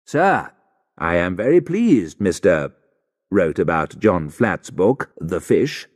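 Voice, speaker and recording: A fussy, pedantic gentleman correcting a date in a letter to the editor, read out by a man. His delivery moves through a lively pitch range, and a long reverb trails behind each phrase. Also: slow, heavily acted. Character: pedantic male letter writer to a newspaper.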